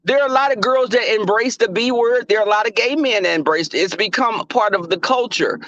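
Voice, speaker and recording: A man's voice: high-pitched, fairly quick, fairly bright tone, no room sound, muffled recording. A young man hosting a casual livestream, talking animatedly and profanely, laughing and calling out viewers in the chat. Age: young adult. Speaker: livestream host.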